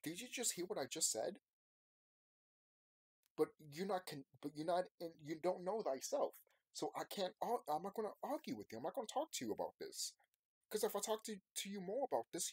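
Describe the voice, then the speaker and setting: Man in his 30s, husky and lively, emphatic rambling monologue for subscribers, dry close sound. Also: a little high, dry recording. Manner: emphatic, rambling, repeats himself. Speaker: YouTuber. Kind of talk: casual unscripted monologue to subscribers.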